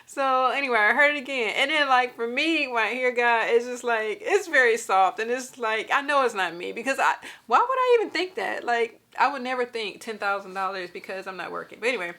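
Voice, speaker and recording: A woman vlogging a personal faith testimony in a casual, lively way, talking straight to her viewers and laughing through her stories. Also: a little high, fairly quick, hardly any pauses.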